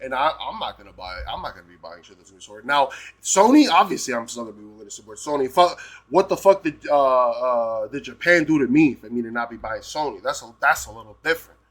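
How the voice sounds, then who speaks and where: Talking fast in an expressive, mid-range voice that's a bit bright, a man from the United States rants on a live stream. The rant is heated and full of swearing, with "right?" repeated constantly.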